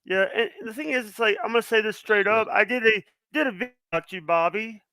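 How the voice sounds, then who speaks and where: A man's voice: high-pitched, fast, sharp tone, no room sound, low-quality recording. A man talking as a podcast guest, nervous and stuttering, with many restarts. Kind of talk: casual chat.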